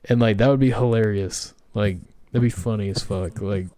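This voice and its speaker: A man's voice: on the low side, steady tone, normal speed, mellow. A man co-hosting a podcast in casual chat, rambling and full of fillers. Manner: rambling, full of likes and ums. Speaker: podcast co-host. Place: home, on a live stream.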